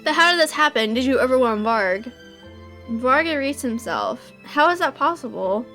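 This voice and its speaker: High-voiced woman reading a visual novel. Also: fairly quick, faint music behind. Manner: emotional, bursts into excited reactions.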